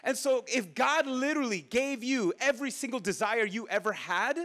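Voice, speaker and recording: A pastor preaching a conversational, animated sermon, with sudden drops into quiet asides to the congregation. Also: male voice, extremely high pitch, moderate pace.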